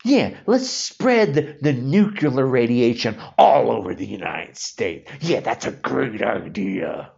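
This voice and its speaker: Furious older man ranting, slow and lively. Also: mid-range voice, gravelly. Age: 60s. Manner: furious, insulting, repetitive. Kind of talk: angry political rant. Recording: dull lo-fi recording.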